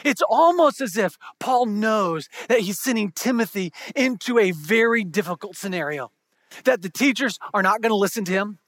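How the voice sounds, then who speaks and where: A married man preaching a sermon to a congregation, conversational and joking, moving from hushed to shouted. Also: high voice, lively intonation, normal speed, no echo, clean studio sound. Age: adult, married with kids. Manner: conversational, humorous, swings from soft to shouting. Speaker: pastor.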